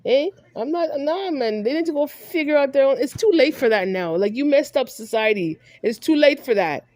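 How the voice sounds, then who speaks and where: A woman's voice: high voice, expressive, normal speed, darkish tone, dry recording, clean studio sound. A woman vlogger delivering a heated monologue, scolding someone directly and repeating herself for emphasis.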